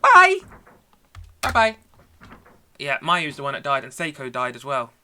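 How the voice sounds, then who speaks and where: A woman's voice: very deep voice, brisk, pushed and bright, a little hiss or hum. A woman streaming a horror game, chatty and sarcastic in casual commentary. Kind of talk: casual let's-play commentary. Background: game music.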